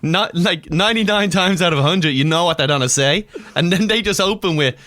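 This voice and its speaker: A young man talks as a guest on a casual podcast. His voice is bright and slightly raised, and it sounds dry and close with no room echo. He jokes crudely and riffs on stories. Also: high voice. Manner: crude, joking, quick to riff. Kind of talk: casual chat.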